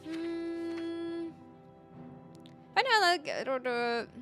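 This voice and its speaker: A woman's voice: very high-pitched, extremely slow, music in the background. An American woman streaming a game, chatting casually, laughing often and answering chat. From United States. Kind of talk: casual live game commentary.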